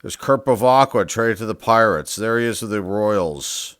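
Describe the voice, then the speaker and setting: A sports card collector hosting his own channel reads names out one by one, offering casual commentary and musing aloud, sometimes unsure how to pronounce them. His voice is lowish, a bit bright and clean, at a normal speed, in a dry, clean studio recording.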